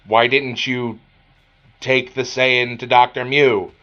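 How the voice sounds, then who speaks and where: A man voicing a big red robot who quietly questions a smaller robot. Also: medium pitch, level tone, slow pace, muffled recording, faint music behind. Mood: demanding.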